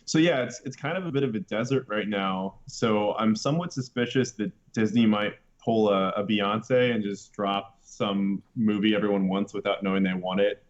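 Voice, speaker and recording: A man's voice: fairly low pitch, highs cut off. A man co-hosting a casual podcast, with wry, joking talk. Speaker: podcast co-host.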